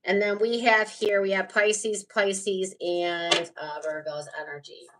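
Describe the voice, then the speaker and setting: A woman's voice: mid-range voice, little pitch movement, slow, far from the mic, background noise. Chatty woman tarot reader, off-mic. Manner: rambling, chatty, laughs often, many fillers. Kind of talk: casual live tarot reading.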